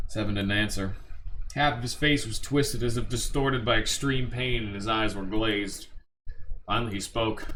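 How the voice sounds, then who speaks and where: A man's voice: lowish voice, moderate pace, fairly bright tone, slight background noise. A man hosting a let's play, reading the game's text aloud and adding casual, joking asides.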